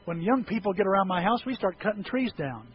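A middle-aged male pastor preaching a sermon in a church, telling lively stories with self-deprecating humor. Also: high voice, fast talker, dull audio. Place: church sanctuary.

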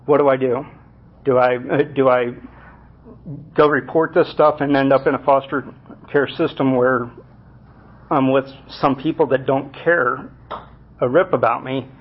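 Halting man telling his life story. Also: mid-range voice, fairly even intonation. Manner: halting, many fillers and restarts. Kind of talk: personal testimony to a group. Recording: muffled lo-fi recording.

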